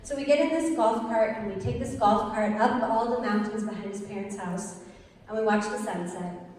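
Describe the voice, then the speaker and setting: A woman's voice: mid-range voice, moderate pace, distant mic, a little hiss or hum. Earnest young woman telling her story in an echoey hall. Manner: earnest, lively storyteller with laughs. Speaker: speaker giving a personal testimony. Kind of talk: storytelling talk to an audience.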